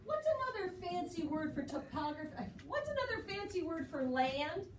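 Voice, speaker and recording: A woman teaches a roomful of children, her voice high and encouraging. She is heard from across an echoey classroom. Noise runs under her voice throughout. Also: very animated, normal speed, recorded from a distance. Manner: encouraging, praising students often. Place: school classroom. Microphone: recorded from across the room.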